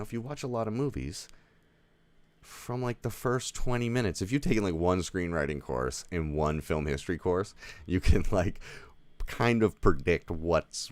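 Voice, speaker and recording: A man reviews a movie from home in an off-the-cuff, meandering way, with frequent swearing and "like" fillers. His voice sits extremely low and has a rough, fry-laden texture. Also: no echo. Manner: rambling, profane, heavy use of "like". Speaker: film reviewer. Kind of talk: casual spoken movie review. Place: home, with a dog nearby.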